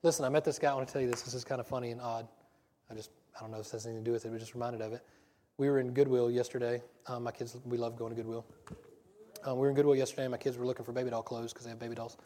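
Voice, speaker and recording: A man gives a casual sermon, talking quickly and wandering off into stories. He often trips over and restarts his phrases. His voice carries a long reverb from a large hall. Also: mid-range voice, flat delivery, mellow. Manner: rambling, self-interrupting storyteller. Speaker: preacher.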